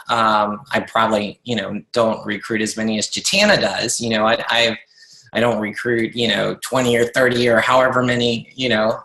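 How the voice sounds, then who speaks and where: A man's voice: mid-range voice, sharp tone, echoey room, poor audio. A man leading a motivational team call as a business coach, talking earnestly with lots of fillers and restarts.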